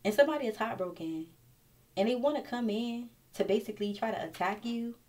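A woman's voice: on the high side, a little fast, a little mellow. A woman reading tarot cards straight to the viewer in a casual, blunt and profane way. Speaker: tarot reader.

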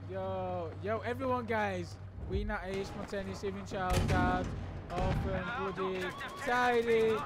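A young man streaming a video game live, excitedly and breathlessly thanking viewers while laughing between lines. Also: high voice, background noise. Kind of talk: live gameplay stream talk. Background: loud game music and gunfire.

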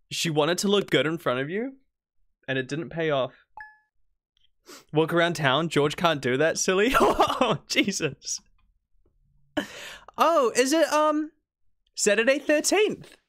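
A man giving excitable live commentary on a game he is streaming, reacting with frequent laughter. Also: high-pitched. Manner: excitable, animated, laughs often.

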